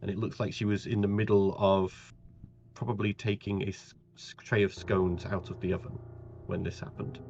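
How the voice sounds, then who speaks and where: Halting game master narrating. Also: male voice, fairly low pitch, level tone, a little mellow. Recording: dull lo-fi audio, faint music.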